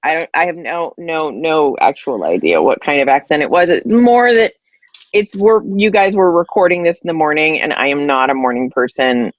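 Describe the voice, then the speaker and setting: A woman in her forties hosting a podcast in casual, self-deprecating chat, with a raspy morning voice. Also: deep voice, animated, moderate pace, no room sound, muffled recording. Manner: self-deprecating, laughs often. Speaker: podcast host.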